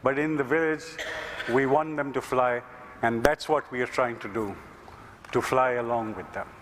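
A man's voice: medium pitch, steady tone, normal speed, very noisy. A man from India, giving an earnest, conversational storytelling talk at a conference and leaning often on "you know". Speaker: conference speaker.

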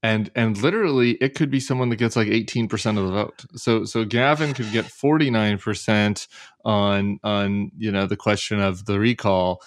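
A man with a low voice talks politics as a podcast guest, animated and sardonic, words tumbling over each other. His voice is close and dry. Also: moderate pace, dry recording.

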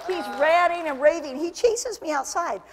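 A woman pastor preaching a lively sermon, telling stories and building to fervent shouts. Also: very high-pitched, normal speed, a faint crowd. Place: church sanctuary. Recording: long church hall reverb.

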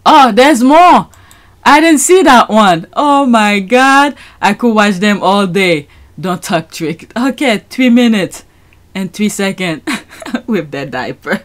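A woman's voice: fairly high pitch, lively intonation, takes it slowly. A woman hosting a reaction commentary, gushing and laughing often over a video. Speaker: host.

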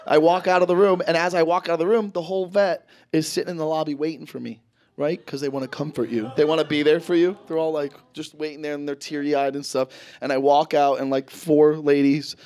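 A man performing a stand-up comedy set, telling stories animatedly and swearing freely, his voice jumping high and loud when he acts panicked. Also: fairly even intonation, a little fast. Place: stage in front of a live audience. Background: audience laughter.

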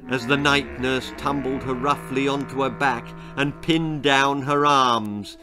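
Male author narrating a grisly children's tale, with a bright, forceful tone over faint music. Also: mid-range voice, fairly even intonation, unhurried, few pauses. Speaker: author reading his own story. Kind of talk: storytelling narration of a children's horror-comedy tale.

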